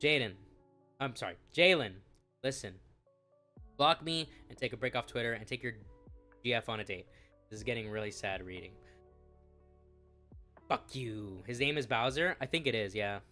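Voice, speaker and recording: Bright sarcastic young-sounding man. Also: medium pitch, lively intonation, brisk, pauses often, faint music behind. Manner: profane, sarcastic, laughing often. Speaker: commentary YouTuber. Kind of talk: reading messages aloud with commentary.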